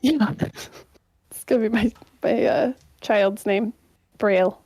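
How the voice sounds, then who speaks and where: A woman's voice: mid-range voice, steady tone, slow pace, warm tone, breathy edge, no room sound, poor audio. A woman co-hosting a podcast in playful, rambling casual chat, laughing often. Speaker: podcast co-host.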